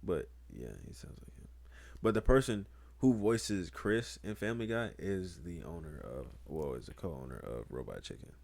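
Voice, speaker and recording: A man's voice: low-pitched, lively intonation, moderate pace, vocal fry, no echo. A young man co-hosting a podcast, chatting casually, rambling and joking. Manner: rambling, joking, breaks into loud laughs. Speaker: podcast co-host.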